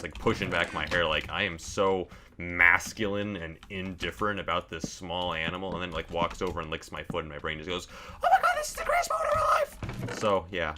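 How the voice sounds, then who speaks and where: A man telling a casual, deadpan story to his stream, with lots of "like" and dry jokes. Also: low voice, a little hiss or hum. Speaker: gaming streamer.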